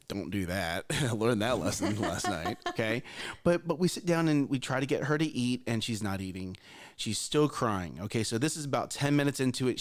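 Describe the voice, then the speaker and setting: Animated man with a lively voice. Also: medium pitch. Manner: animated storyteller with frequent restarts. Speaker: morning show co-host. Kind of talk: casual chat, telling a parenting story.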